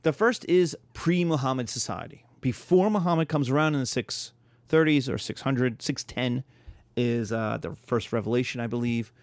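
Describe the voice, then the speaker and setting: A man lecturing to a history class, easily slipping into acted-out anecdotes with jumps in pitch and volume. His voice sits at a middle pitch and sounds close and dry, with no room echo. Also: normal speed. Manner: animated storytelling, acts out quarrels in voices. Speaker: history teacher.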